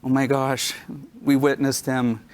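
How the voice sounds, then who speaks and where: A man at a convention speaks off the cuff, his voice at an ordinary middle pitch. He is emotional and halting, leaning on ums and uhs as he gathers his thoughts. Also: flat delivery, a little mellow. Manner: emotional, halting, hesitant fillers. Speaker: creative director. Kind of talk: impromptu stage remarks. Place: convention stage.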